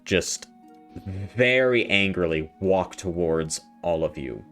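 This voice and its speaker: A man narrates a tabletop game as its game master, casual and full of restarts. His voice is low with lively swings of pitch. Faint music runs under the talk. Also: slow.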